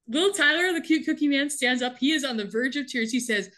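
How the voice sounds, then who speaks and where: A woman's voice: high-pitched, lively intonation, brisk, hardly any pauses, fairly bright tone. A woman co-hosting a casual podcast, animatedly retelling a TV episode and laughing often. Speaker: podcast co-host recapping a TV episode. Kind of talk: casual chat.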